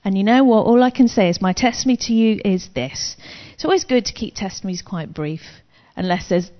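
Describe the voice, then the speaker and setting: A woman's voice: medium pitch, lively intonation, a little fast. A woman sharing a personal faith testimony in a chatty, frank, self-deprecating manner, like a sermon. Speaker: Christian speaker. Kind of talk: testimony-style preaching. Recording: long reverb, dull lo-fi sound.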